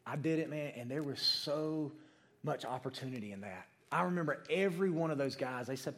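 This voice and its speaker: A young adult man preaching a sermon, telling a personal story in an animated way and calling on people in the congregation by name. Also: mid-range voice, fairly quick.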